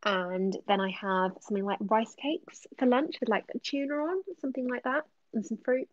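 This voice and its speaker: A woman's voice: a little high, fairly even intonation, normal speed, dry recording, highs cut off. A woman answering viewers' questions on a casual live stream, chatty with many ums and slipping into whispers. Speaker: ASMR creator answering live chat.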